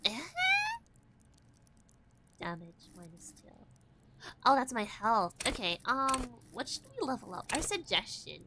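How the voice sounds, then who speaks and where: Excitable young streamer woman, high and lively. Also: slow, pauses often, noisy background. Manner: excitable, dramatic, reacts loudly. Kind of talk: casual game playthrough commentary.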